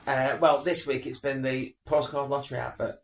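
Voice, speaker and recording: A man's voice: mid-range voice, level tone, moderate pace. A man, co-hosting a casual podcast, grumbling and rambling as he mocks what irritates him. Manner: grumbling, rambling, mimics voices. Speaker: podcast co-host. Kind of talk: casual banter. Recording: echoey room.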